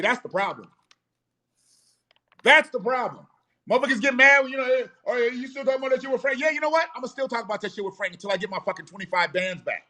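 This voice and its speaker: A man's voice: high-pitched, pushed and bright. Blunt, profane man ranting on a live stream. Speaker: host of a live show.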